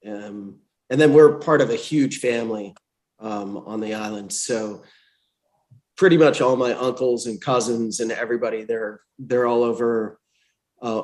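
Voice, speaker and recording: A man with a mid-pitched voice talks in a relaxed, casual way on a panel. His voice often drops and trails off quietly toward the ends of his thoughts. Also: a little slow. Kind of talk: casual chat. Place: reunion panel.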